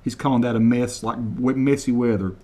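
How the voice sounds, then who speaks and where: A man from the United States hosts a casual comedic video, talking straight to his viewers in a mid-pitched, ordinary voice. He slowly repeats phrases word by word, sometimes spelling words out letter by letter. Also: dark tone. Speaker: video host. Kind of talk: casual comedic talk to camera.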